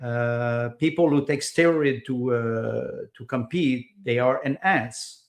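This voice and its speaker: Gravelly-voiced guy on a podcast, lots of uh and restarts, non-native english. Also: medium pitch, takes it slowly. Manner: hesitant, many fillers and repeated words. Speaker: podcast guest. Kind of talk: casual interview conversation.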